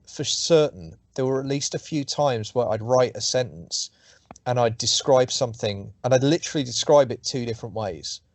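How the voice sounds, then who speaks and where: A man's voice: medium pitch, dry recording. A middle-aged man talking about his writing in a casual interview, rambling, swearing and restarting his sentences. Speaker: author being interviewed.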